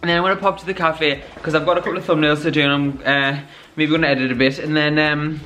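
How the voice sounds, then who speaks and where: A man's voice: on the high side, little pitch movement, fast, bright, forceful tone, faint music behind. A young man, chatting casually to the camera in a rambling vlog. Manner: chatty, rambling, laughs often. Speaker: vlogger.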